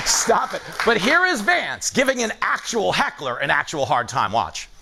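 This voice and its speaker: A man's voice: high voice, vocal fry, noisy background. A man hosting a late-night comedy monologue, joking and acting incredulous in front of a live studio audience. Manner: animated, joking, mock-incredulous.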